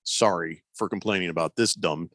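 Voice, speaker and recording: A man's voice: low voice, normal speed, fairly bright tone, no room sound. A man hosting a radio sports show, rambling and joking about himself in casual talk. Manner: rambling, joking, self-mocking. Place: radio studio.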